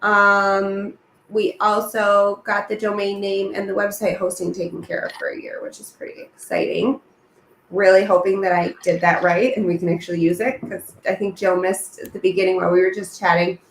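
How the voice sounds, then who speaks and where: A woman's voice: mid-range voice, little pitch movement, normal speed. A woman hosting a casual online production meeting, chatty and upbeat, rambling with lots of fillers. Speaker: host. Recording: echoey room with faint noise.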